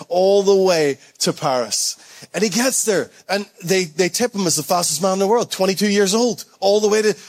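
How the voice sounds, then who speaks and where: A male pastor delivering a sermon with a fairly high voice. He talks to the church like he's chatting with them, then climbs higher as the story gets exciting. He calls out to the room for an answer as he goes. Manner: storytelling, builds up with rising excitement; conversational, calls out to the congregation.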